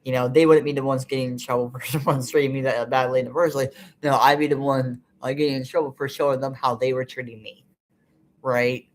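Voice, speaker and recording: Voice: mid-range voice, steady tone, brisk, a little hiss or hum. Vlogger, casual monologue, angry and profane, rambling delivery with lots of fillers. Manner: frustrated, bitter venting. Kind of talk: unscripted personal monologue.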